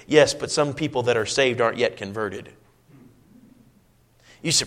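A man preaching a sermon, asking his listeners questions and dropping to a soft, low voice when he quotes scripture. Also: moderate pace, long pauses. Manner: swings between loud emphatic lines and soft low quoting; asks the congregation rhetorical questions.

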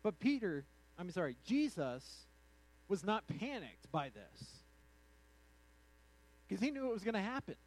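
Animated high-voiced man preaching a sermon. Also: measured pace, pauses often, poor audio. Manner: animated, acts out quotes, conversational asides. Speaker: pastor.

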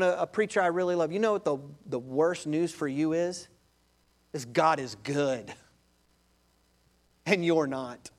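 Male pastor with a high, lively sermon delivery and a storyteller's energy. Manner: animated storytelling, addresses listeners as beloved.

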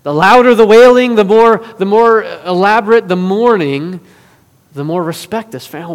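A man preaching a sermon in an earnest way, moving between forceful and hushed delivery. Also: high voice, moderate pace. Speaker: pastor. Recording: long reverb of a large hall.

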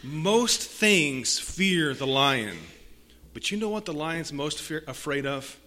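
A man preaching a sermon, swinging from hushed lines to loud emphatic ones and reading scripture aloud with repeated rhetorical phrases. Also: a little high, expressive, slow pace, a little hiss or hum.

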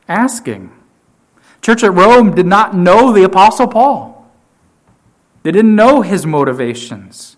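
A man preaching a sermon to his church, emphatic, often repeating key phrases and swinging from loud to quiet. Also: a little high. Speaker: pastor.

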